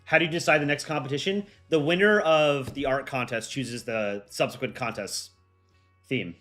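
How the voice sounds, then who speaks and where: A young American man chatting casually on a live stream as its host, relaxed and full of ums and likes. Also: medium pitch, normal speed, faint music behind. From United States. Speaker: streamer and voice actor.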